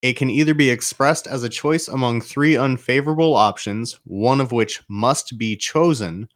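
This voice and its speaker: A young man hosting a relaxed podcast. He talks through an idea he is reading up on, loose and chatty, with swearing and quick laughs along the way. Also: mid-range voice. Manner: explains from notes, swears and laughs freely. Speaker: podcast host. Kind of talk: casual podcast chat.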